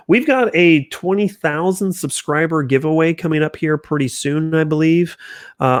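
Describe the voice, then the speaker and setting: A man's voice: medium pitch, no echo, clean studio sound. A man hosting a casual livestream, chatting loosely with viewers, restarting sentences and reacting to their comments. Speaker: channel host.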